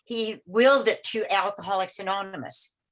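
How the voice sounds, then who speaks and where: This is an older woman speaking over a video call, sharing a memory at her own unhurried pace. She stumbles and restarts often and repeats words as she gathers her thoughts. When she quotes someone, she puts on a voice for them. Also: medium pitch, steady tone, fairly bright tone, poor audio. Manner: rambling, halting, with many restarts and repeated words; acts out the voices of people in her story. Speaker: meeting participant sharing a story. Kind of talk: personal storytelling on a video call.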